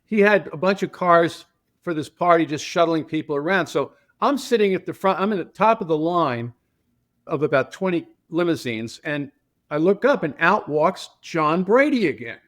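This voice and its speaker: An older man, a transportation company founder, telling a story on a podcast in a casual, animated way and acting out the voices of the people he quotes. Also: fairly high pitch, moderate pace.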